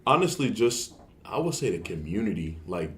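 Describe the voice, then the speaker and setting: A young man from Ohio, a college football player, talking casually as an interview guest in a loose, relaxed way. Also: on the low side, normal speed, slight background noise. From Canton, Ohio. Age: young adult. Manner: relaxed, loose talk with frequent "like" fillers.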